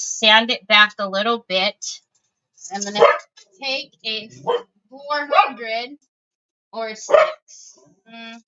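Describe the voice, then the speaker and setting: Woman, craft livestream host, chatty, talks to viewers while working, fairly high voice, slightly muffled audio. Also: pushed and bright, slight background noise. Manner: chatty, answers viewers' comments and thinks aloud.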